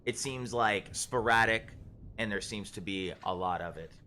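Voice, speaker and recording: A man's voice: on the low side, moderate pace, sharp tone, slight background noise. A man narrating as game master of a tabletop game, casual, with many fillers and restarts.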